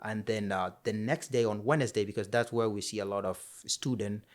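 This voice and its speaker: Man from Africa telling lively stories. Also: on the low side, fairly quick. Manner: lively storyteller who acts out dialogue. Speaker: podcast guest. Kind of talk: casual storytelling chat.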